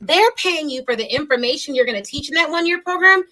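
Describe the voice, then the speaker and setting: A woman's voice: sits high, lively intonation, quick pace, sharp tone, low-quality recording. A woman hosting a podcast interview, speaking emphatically in a coaching tone. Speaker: podcast host.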